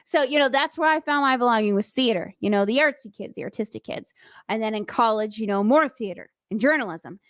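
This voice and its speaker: A woman's voice: on the high side, expressive, fairly bright tone, dry recording, studio quality. Bubbly, playful American radio woman. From United States. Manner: bubbly, playful, quick to laugh. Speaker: radio host. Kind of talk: casual interview chat.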